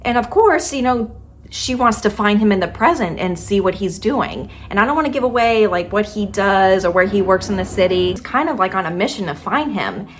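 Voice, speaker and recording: With a medium-pitched, expressive voice that moves a little fast, a young book vlogger chats casually about books she loved, over a faint hiss or hum. She fills her talk with "like" and "kinda."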